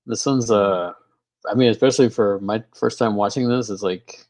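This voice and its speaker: Hesitant low-voiced man. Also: normal speed, darkish tone. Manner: hesitant, many fillers and restarts. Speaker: guest. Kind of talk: casual live film commentary.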